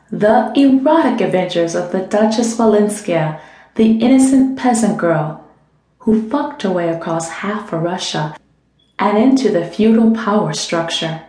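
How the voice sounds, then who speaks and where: A woman narrating an audiobook in a smooth, measured storytelling manner. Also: mid-range voice, expressive, dark tone. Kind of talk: scripted narration. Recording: roomy echo.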